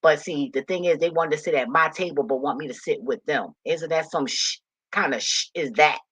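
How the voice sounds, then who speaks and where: A woman's voice: low-pitched, a little fast, fairly bright tone, breathy edge. A woman giving a passionate, emotional and rambling casual monologue to her viewers. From Philadelphia. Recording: dull lo-fi recording.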